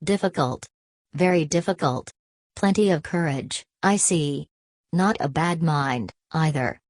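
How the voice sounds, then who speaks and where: A woman voicing an old, wise male magic hat that speaks slowly and thoughtfully. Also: low-pitched, a little mellow, no room sound. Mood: musing.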